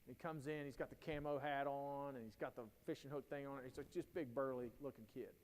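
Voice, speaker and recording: A man's voice: mid-range voice, fairly even intonation, fairly quick, a little mellow, slight background noise. Folksy male presenter in an echoing hall. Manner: conversational, folksy, anecdote-driven. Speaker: presenter at a teacher training day. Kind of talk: storytelling professional development talk. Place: school auditorium or hall.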